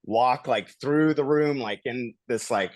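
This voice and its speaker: Podcast guy telling a story, mid pitch, laughs a lot, dry close mic. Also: a little slow, no echo. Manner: animated retelling with laughs and acted-out quotes. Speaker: podcast host. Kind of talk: casual storytelling. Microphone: studio podcast mic.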